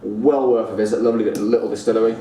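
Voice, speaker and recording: A man talks through a review in a casual, chatty way, stopping and repeating words as he gathers his thoughts. His voice sits on the low side. He sounds set back from the mic in an echoey room with faint background noise. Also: steady tone, mellow, far from the mic. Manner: chatty, pausing, repeats words while thinking. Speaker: whisky reviewer.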